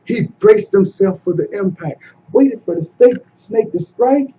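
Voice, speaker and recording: A man telling a folktale as a storyteller, dramatic and expressive, moving between hushed and loud passages. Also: sits high, a little slow. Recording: dull, slightly distant recording with faint hum.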